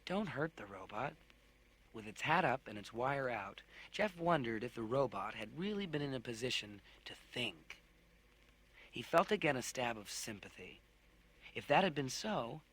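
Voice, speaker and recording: Expressive male audiobook narrator. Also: mid-range voice, breathy edge. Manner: expressive storytelling. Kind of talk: audiobook narration with character voices.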